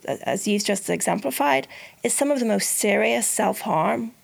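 A woman who volunteers as a Samaritan, hosting a discussion and framing the topic in a measured, articulate way. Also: medium pitch, expressive, vocal fry. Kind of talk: hosted discussion between practitioners.

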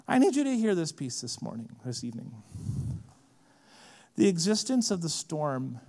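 A man preaching a sermon in a casual, animated way, often saying "like", at a conference. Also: on the high side, moderate pace, long pauses, in a large hall. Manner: lively, casual, frequent "like" fillers. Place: large conference hall.

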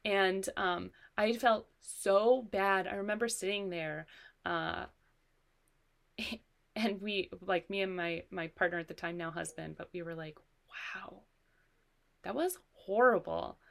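A woman's voice: medium pitch, fairly even intonation, measured pace, vocal fry. A woman co-hosting a parenting podcast, telling stories in an earnest, reflective way. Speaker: podcast co-host. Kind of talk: casual conversation.

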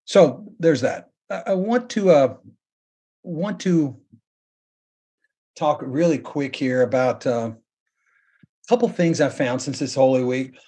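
Husky-voiced man preaching a sermon. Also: medium pitch, dark tone. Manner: earnest preaching that slows and rises for emphasis. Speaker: pastor.

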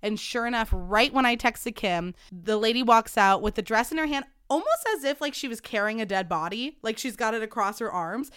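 Young female podcast host, bright-pitched and animated, profane, dry close mic. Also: brisk, hardly any pauses, clear, resonant tone, no echo. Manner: animated, dramatic, swears freely. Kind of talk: casual storytelling chat.

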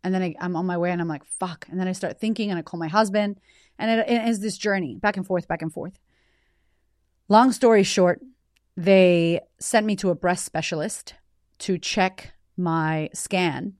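A woman in her thirties hosting a podcast, telling a personal story in a blunt, animated way with frequent swearing. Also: on the low side, normal speed, dry recording, clean studio sound. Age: 30s. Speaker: podcast host. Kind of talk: candid personal storytelling monologue.

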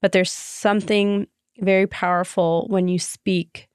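A woman's voice: mid-range voice, little pitch movement, a little slow, a little mellow, clear, resonant tone, no room sound, clean studio sound. A young woman co-hosting a casual faith-based podcast, chatty and rambling, with many restarts. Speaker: podcast co-host.

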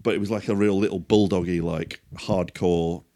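A man with a fairly low voice, chatting casually as a podcast co-host. He swears freely, tells stories in a loose, anecdotal way and keeps slipping into quoting people. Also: steady tone, normal speed, mellow, no room sound, studio quality.

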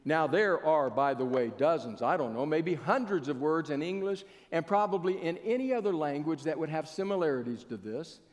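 A man's voice: fairly high pitch, lively intonation, moderate pace, hardly any pauses. A man preaching a sermon as pastor, in a folksy storytelling manner that draws the congregation in, on a stage mic in a church sanctuary. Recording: long church hall reverb.

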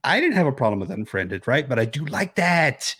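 Male podcast co-host, young adult, rambling casual talk, mid-pitched, dry close sound. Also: big pitch swings, fairly quick, fairly bright tone, husky, no echo. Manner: rambling, restarts his thoughts often. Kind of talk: casual chat. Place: home, remote recording.

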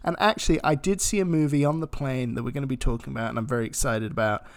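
A man co-hosting a podcast, joking around with playful deadpan riffs and mock ads. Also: mid-range voice, fast. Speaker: podcast co-host. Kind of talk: casual podcast chat.

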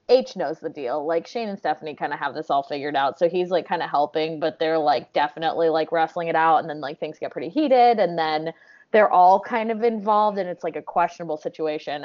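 An American woman in her thirties, a comedy performer, chatting on a podcast in a rambling, giggly way with lots of fillers. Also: deep voice. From United States. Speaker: guest, improv comedian. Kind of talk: casual podcast chat. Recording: dry, muffled lo-fi audio.

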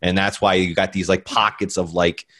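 A man's voice: sits low, little pitch movement, moderate pace, fairly bright tone. A young man with a Baltimore accent, co-hosting a podcast in a blunt, laid-back way and saying "like" a lot. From Baltimore, Maryland. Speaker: podcast co-host. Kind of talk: casual chat.

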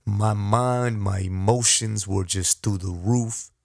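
A man hosting a podcast, telling a personal story with animated, repetitive, self-deprecating motivational talk. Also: lowish voice, slow, creaky, no echo, studio quality. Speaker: podcast host.

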